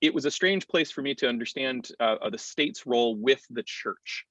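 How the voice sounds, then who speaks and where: An American clergyman in his thirties speaking thoughtfully on a panel, with frequent pauses and restarts. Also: mid-range voice, a bit bright, dry recording. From United States. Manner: reflective, thoughtful, many fillers and restarts. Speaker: clergyman and campus chaplain. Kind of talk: panel discussion talk. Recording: dull lo-fi dry sound.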